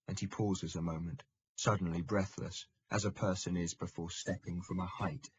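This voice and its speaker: A man reading a historical novel aloud in steady, measured audiobook narration. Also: deep voice, husky, dull audio.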